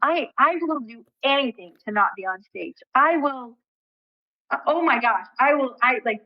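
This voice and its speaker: Animated woman telling her story. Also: high voice, moderate pace, no echo, lo-fi sound. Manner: animated, swears casually, acts out quotes. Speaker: guest. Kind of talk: storytelling in a podcast interview.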